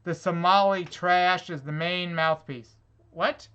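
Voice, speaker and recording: A man's voice: high voice, slow, sharp tone, clear, resonant tone. A man reading online comments aloud in a vlog and reacting to them with sarcastic, swearing exasperation. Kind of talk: angry rant reacting to comments.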